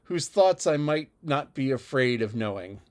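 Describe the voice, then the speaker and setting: A man voicing a spirited, witty young gentlewoman with a teasing manner. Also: mid-range voice, lively intonation, measured pace, close to an everyday voice.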